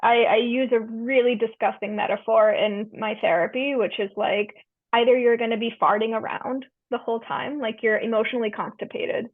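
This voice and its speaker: A woman's voice: a little high, fairly even intonation, moderate pace, dry recording. A woman counselor and yoga teacher explaining breathwork as an interview guest, earnest with easygoing slang. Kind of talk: casual interview talk. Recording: tinny phone-like line, dry.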